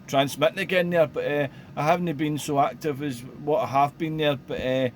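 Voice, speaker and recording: A man, chatting casually over CB radio, relaxed and rambling with lots of radio jargon. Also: on the high side, moderate pace. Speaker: CB radio operator. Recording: faint background noise.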